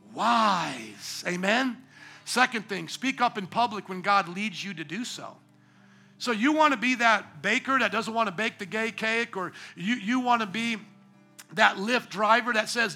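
A man preaching a sermon in church, building into impassioned shouts. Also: high voice, animated, normal speed, faint music behind. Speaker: pastor. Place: church sanctuary.

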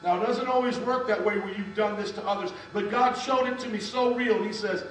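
Male pastor, high voice, storytelling sermon, booming hall sound, mic well off, low mains hum. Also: brisk, hardly any pauses, distant mic. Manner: storytelling preacher, calls on the congregation to respond.

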